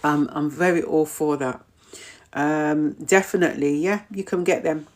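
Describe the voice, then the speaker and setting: Middle-aged lady chatting on a live stream, fairly low voice, repeats herself a lot. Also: unhurried, darkish tone. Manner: chatty, repeats her points, stumbles over words. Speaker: host of a wellness live stream. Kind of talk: casual live-stream chat, reading out viewer comments.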